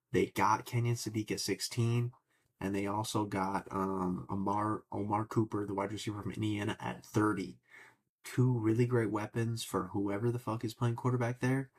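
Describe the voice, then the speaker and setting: A man's voice: lowish voice, level tone, normal speed. A young man hosting a casual sports podcast, opinionated and rambling, cursing now and then. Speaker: podcast host.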